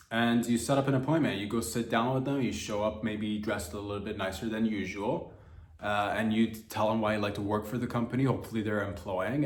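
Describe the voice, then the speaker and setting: A man hosting a comedy podcast, rambling through a loose monologue, cursing freely and jumping into mock voices and loud outbursts. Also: on the low side, reverberant.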